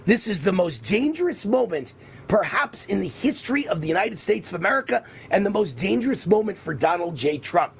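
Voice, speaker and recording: A man hosting a political talk show, delivering an emphatic, repetitive monologue in a raspy voice. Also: sits high, big pitch swings, fairly quick, a little hiss or hum. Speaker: radio and TV host.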